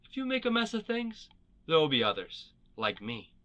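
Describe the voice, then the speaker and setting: A man's voice: fairly high pitch, wildly swooping pitch, normal speed, bright, forceful tone, highs cut off, voice pushed up, full character voice. A man reading as a blunt veteran rebel leader. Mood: gruff. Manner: blunt, clipped and wry. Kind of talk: storybook character reading.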